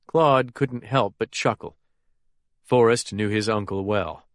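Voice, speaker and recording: A man narrating a thriller audiobook in a steady, even storytelling manner. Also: on the low side, slow pace, no room sound, studio quality. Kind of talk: scripted narration.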